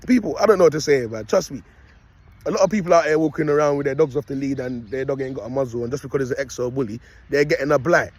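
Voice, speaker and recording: Out with his dog, a young man films a preachy, meandering monologue on his phone in the manner of a self-styled prophet vlogger. His voice is on the high side, a little mellow and slightly rough, with no echo, and he keeps punctuating it with "you get me" and "people."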